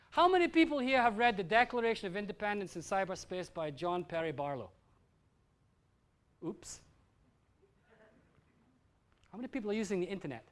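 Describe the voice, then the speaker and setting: A man's voice: high-pitched, a bit bright. A Scottish man giving a live lecture to an audience, blunt and profane, with asides to the crowd. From Scotland. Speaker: festival speaker.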